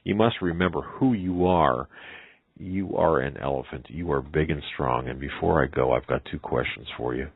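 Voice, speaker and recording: A man's voice: a bass voice, moderate pace, creaky, slightly rough, no room sound, exaggerated voice. A man voicing a bold, encouraging little girl in a read-aloud story. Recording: tinny phone-like line.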